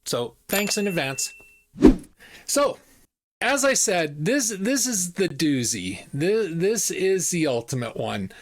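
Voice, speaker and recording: A man's voice: high voice, sing-song, takes it slowly, slight background noise. A man in his fifties telling a story to camera in a chatty, casual way, often repeating himself and using fillers. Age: 50s. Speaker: vlog host.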